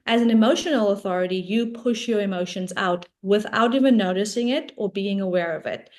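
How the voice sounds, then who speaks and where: A woman's voice: mid-range voice, fairly quick, a little mellow. A woman coach, a guest on an interview show, explaining ideas in a casual, talkative way, often checking in with "right?".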